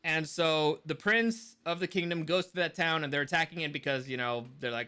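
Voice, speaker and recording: A man's voice: a little high, a little fast, few pauses, clean tone. A man co-hosting a podcast in casual chat. He rants animatedly and swears often. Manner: animated ranting, swears a lot. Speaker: podcast co-host.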